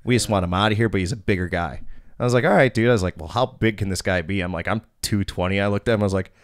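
A man's voice: lowish voice, rapid-fire, no echo, studio quality. A man in his thirties hosting a podcast, telling a bouncer story in a blunt, profane, casual way.

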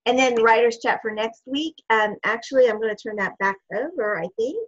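A woman's voice: fairly high pitch, a little fast. Woman giving announcements over dull call audio. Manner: reads announcements, practical. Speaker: co-host. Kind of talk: casual video call chat. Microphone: video call.

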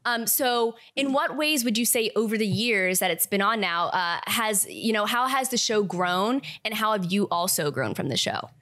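A woman's voice: mid-range voice, animated, moderate pace, few pauses, bright, forceful tone. A young woman hosting an interview, bubbly and gushing, laughing easily, over a video call. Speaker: host. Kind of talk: casual interview chat.

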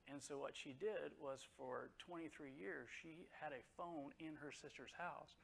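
A middle-aged man from the United States telling an emotional personal story at a conference, halting and full of fillers. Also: on the high side, gravelly, a little hiss or hum, rough recording. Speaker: conference speaker. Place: conference hall.

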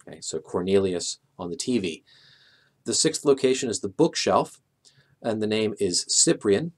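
Man, middle-aged, low-ish voice, calm, methodical, explaining a memory technique. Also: moderate pace. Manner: calm, methodical, a few filler "uh"s. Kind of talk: explaining with walk-through examples.

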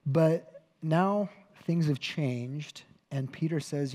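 A male pastor delivers a sermon in a slightly higher register for a man. He speaks conversationally, often correcting himself mid-sentence and adding a wry joke. His voice rings out with a long reverb from a large church hall. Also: takes it slowly, mellow. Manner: conversational storytelling with self-corrections.

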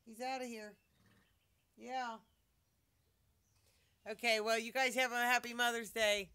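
Bright, clear-voiced woman chatting with pets. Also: on the high side, slow pace, long pauses. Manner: chatty, coaxing, talks to her pets. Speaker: vlogger with pet monkeys. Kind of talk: casual home vlog.

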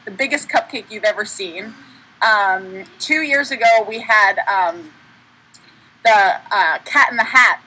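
Young woman, college representative, bright tone, breathy, upbeat, asks kids questions back. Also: on the high side, poor audio. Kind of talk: answering children's questions.

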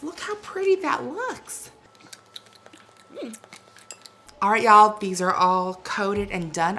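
A man playing a bright, sassy cooking-show hostess. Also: high-pitched, slight background noise, exaggerated voice. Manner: cheery and campy, says "y'all" often. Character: sassy bubbly woman hosting a holiday cooking show. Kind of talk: campy cooking demonstration.

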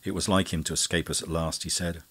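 A man's voice: sits low, flat delivery, fast, a bit bright, husky. A man voicing a brusque, talkative police officer in a storybook reading. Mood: grudging admiration. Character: middle-aged male police officer, brusque and voluble.

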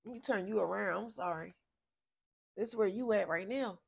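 A woman's voice: medium pitch, moderate pace, creaky, husky. A woman from giving a casual spiritual reading, blunt, profane and exasperated, drifting off topic as she talks. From Philadelphia, USA. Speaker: tarot reader.

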